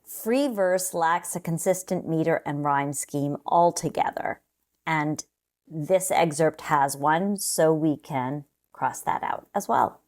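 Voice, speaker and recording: A woman walks through practice questions in a calm, scripted lesson voice. She speaks slowly and deliberately, with a fairly low pitch, explaining each step with care. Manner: slow, measured, explanatory. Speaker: test prep teacher.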